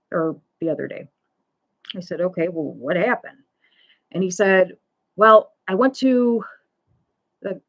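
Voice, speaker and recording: Slow-talking woman telling a story. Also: mid-range voice, a bit bright. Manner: slow, conversational, with fillers and retold dialogue. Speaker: pet loss support host. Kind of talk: storytelling in a live stream talk.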